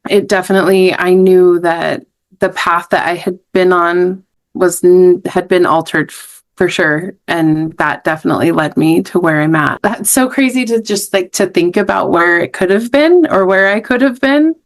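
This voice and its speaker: Woman guest, lowish voice, reflective and halting. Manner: thoughtful, halting, restarts mid-thought. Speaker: podcast guest. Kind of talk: reflective conversation.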